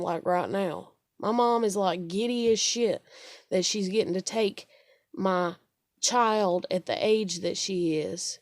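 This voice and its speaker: A woman's voice: medium pitch, darkish tone, no room sound. Woman in her thirties ranting, dry close sound, profane and exasperated. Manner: swearing, repetitive, exasperated. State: upset and stressed. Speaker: single parent venting. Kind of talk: angry personal rant to camera.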